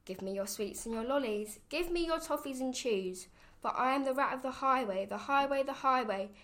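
A woman's voice: high-pitched, moderate pace, fairly bright tone, voice pushed up. A woman voicing a greedy, swaggering male rat robber who bullies travellers in a storybook. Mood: boastful. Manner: boastful, bullying, chanting his rhyme.

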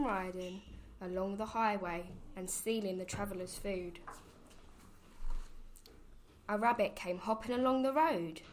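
Woman reading a kids' rhyming story, bouncy sing-song rhythm, expressive. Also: medium pitch. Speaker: storybook reader. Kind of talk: reading a children's picture book aloud.

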